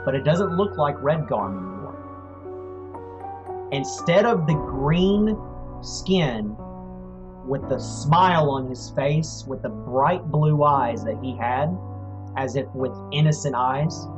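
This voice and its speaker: A man narrating as game master of a tabletop game, telling the story in a slow, measured way. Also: medium pitch, expressive. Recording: dull lo-fi audio, faint music.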